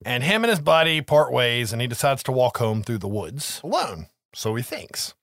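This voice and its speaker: A man's voice: mid-range voice, moderate pace, no echo, studio quality. A man casually recapping a horror movie scene by scene, cursing freely and acting out the characters' lines. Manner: profane, animated storytelling with quoted voices.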